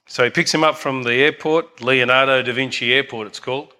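Give me an older man preaching a sermon, earnest and forceful. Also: mid-range voice, steady tone, a little fast. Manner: earnest, repeats "amen?" to the congregation.

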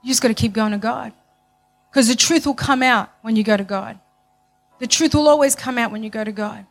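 High-voiced woman preaching. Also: brisk, vocal fry, faint music behind. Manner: emphatic, repeats phrases, swings from loud to hushed. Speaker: church speaker giving testimony. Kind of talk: passionate sermon testimony.

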